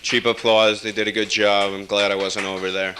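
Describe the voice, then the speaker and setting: A man from upstate New York doing a rambling stand-up comedy set with wry, deadpan asides. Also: fairly low pitch, brisk, background noise.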